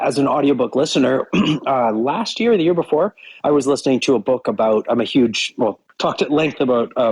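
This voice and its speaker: A man's voice: mid-range voice, darkish tone, husky, poor audio. A man, a company CEO guest in an interview, talking in a direct, earnest way and explaining things with examples. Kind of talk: casual interview chat.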